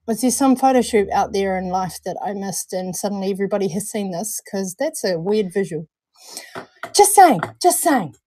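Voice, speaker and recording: A woman's voice: mid-range voice, darkish tone, no echo. A woman co-hosting a live stream in casual chat, bubbly and laughing often. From New Zealand. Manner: bubbly, laughs often, calls people darling. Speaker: livestream co-host.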